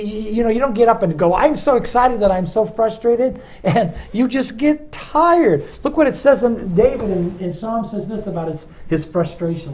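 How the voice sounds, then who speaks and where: A man, a pastor, leading a Bible study in a loose, animated teaching style and asking a helper to read verses aloud. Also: sits high, slight background noise, poor audio. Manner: animated, talks straight to listeners and asks a helper to read verses.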